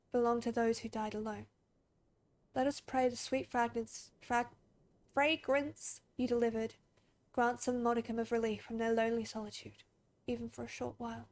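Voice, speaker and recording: A woman voicing a solemn graveyard keeper in a video game, reading in a formal, measured way. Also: on the high side, a little mellow, lightly acted.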